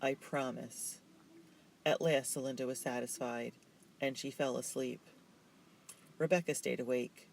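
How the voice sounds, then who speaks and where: A man narrating a children's novel in a steady, measured way. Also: medium pitch, gravelly, a little hiss or hum, low-quality recording. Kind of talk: reading a children's novel aloud.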